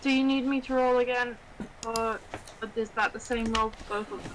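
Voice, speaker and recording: A woman's voice: fairly high pitch, steady tone, fairly quick, fairly bright tone, slight background noise, rough recording. A woman playing in a tabletop game, eagerly asking the game master how the rules work. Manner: eager, asks rules questions. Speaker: player. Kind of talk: casual tabletop game chat.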